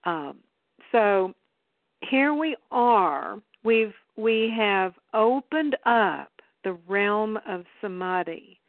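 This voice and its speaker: A woman hosts a live interview, framing her questions in a measured, inviting way. She speaks very slowly and deliberately. Her voice comes over a dry, narrow phone-like line. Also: mid-range voice, expressive, no echo. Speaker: host.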